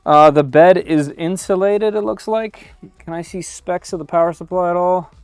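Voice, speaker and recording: A man's voice: high-pitched, moderate pace, clean tone, no room sound. A man giving live-stream commentary while unboxing a machine in his home workshop, thinking aloud with frequent "uh"s and small restarts.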